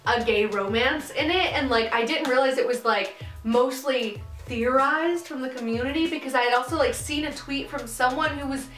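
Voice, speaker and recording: Young female vlogger, high-pitched, rambling and giggly, recorded off-mic in a roomy space. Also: normal speed, fairly bright tone. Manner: chatty, giggly, many fillers. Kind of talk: casual chat to camera. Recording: echoey room, mic at a distance, music underneath.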